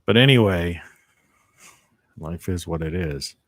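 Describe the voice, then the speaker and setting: Low-voiced guy rambling thru a live stream at home, kinda reflective, dry close sound. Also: slow, no echo. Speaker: live video host. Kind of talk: casual live-stream monologue.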